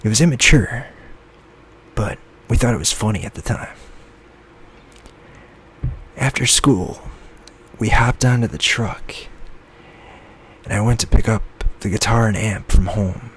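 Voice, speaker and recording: A man reading his own novel aloud in a soft-spoken ASMR style, slipping into whispers now and then. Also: measured pace, long pauses. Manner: soft, low-key reading that slips into whispers. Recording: lo-fi with faint background noise.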